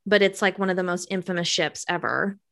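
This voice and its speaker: A woman's voice: lowish voice, brisk, vocal fry, fairly bright tone. Chatty woman podcast co-host. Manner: chatty, uses many fillers. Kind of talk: casual chat about a TV show.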